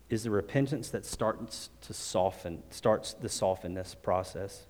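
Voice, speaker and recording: Low-voiced man preaching in a reverberant hall. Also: measured pace, hardly any pauses, darkish tone. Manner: earnest, conversational, with frequent restarts. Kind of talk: sermon and closing prayer. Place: church service. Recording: long reverb of a large hall.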